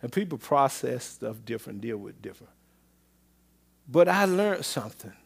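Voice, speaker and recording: A man preaching a sermon as pastor, swinging between loud exclamations and low murmurs, with repeated call-outs to the congregation. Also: big pitch swings, moderate pace, vocal fry, breathy edge. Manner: repetitive call-and-response phrasing.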